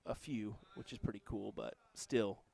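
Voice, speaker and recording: A man's voice: fairly low pitch, steady tone, moderate pace, creaky, a little mellow, breathy edge, no room sound. A man with an American accent hosting casual live-stream darts commentary, chatting with viewers between matches. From United States.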